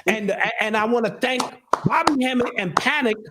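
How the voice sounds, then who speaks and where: A man's voice: very high-pitched, moderate pace, heavy background noise. A middle-aged man in casual chat, talking earnestly and a bit preachily, often repeating words as he restarts. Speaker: show host and guest.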